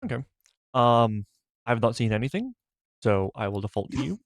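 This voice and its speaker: A man co-hosting a casual podcast, giving short replies and measured opinions in an easygoing way. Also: medium pitch, sing-song, no room sound, clean studio sound. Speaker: podcast co-host. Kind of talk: casual chat.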